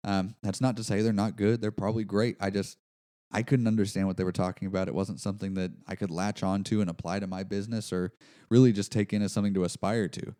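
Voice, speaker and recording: A man's voice: fairly low pitch, little pitch movement, fast talker, warm tone, clean tone. A man hosting a business podcast, talking casually in a rambling, self-deprecating way with lots of fillers and restarts. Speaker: podcast host. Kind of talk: casual solo podcast monologue.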